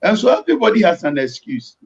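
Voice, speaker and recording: A man preaches a motivational message, driving his points home through repetition. His voice sits high, and the recording sounds dull and lo-fi. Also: huge pitch swings, fast, creaky. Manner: preachy, repeats phrases for emphasis. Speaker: pastor. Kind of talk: motivational talk.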